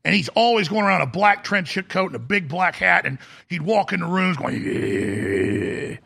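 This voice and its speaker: A man's voice: high voice, brisk, gravelly, pushed and bright, husky. A man hosting a talk show, delivering a sarcastic, combative rant. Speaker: talk radio host. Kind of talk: ranting talk show monologue.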